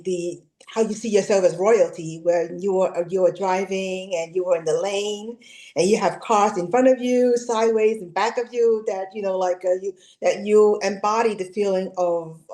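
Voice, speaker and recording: A woman's voice: mid-range voice, warm tone. A woman client asking questions in casual conversation, hesitant and full of fillers. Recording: echoey room.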